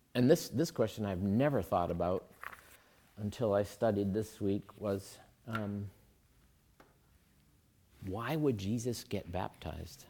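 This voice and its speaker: A man's voice: on the low side, expressive, takes it slowly, pauses often, dark tone, slight background noise. A man preaching a sermon in a conversational way, thinking aloud with fillers and asides. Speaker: pastor.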